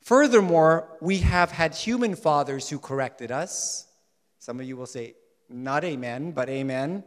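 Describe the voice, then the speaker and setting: A man preaching a sermon in an animated way, swinging between loud emphasis and soft asides. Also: a little high, unhurried. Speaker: pastor. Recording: long hall reverb.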